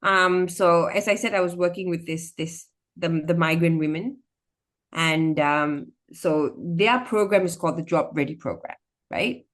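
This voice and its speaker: A woman's voice: lowish voice, measured pace. A woman from Singapore, a storyteller speaking animatedly as a podcast guest. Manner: animated, expressive, slips into acted voices. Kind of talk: casual interview conversation.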